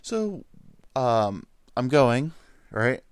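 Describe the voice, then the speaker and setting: This thirtysomething New Yorker's solo vlog is a casual monologue of rambling, crude humor, complete with silly voices and lots of animation. He speaks at a moderate pace in a lowish voice, recorded cleanly in a studio without echo.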